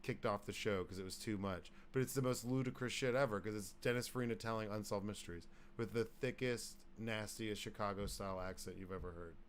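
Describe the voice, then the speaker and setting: A man's voice: lowish voice, steady tone, brisk, few pauses, a little hiss or hum. A man co-hosting a podcast in casual, rambling chat that wanders into tangents and swears freely. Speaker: podcast co-host.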